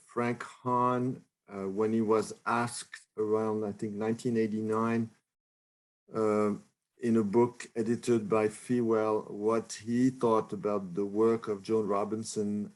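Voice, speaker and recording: A man on a video call making a measured, hesitant remark as a panel guest. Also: lowish voice, a little mellow.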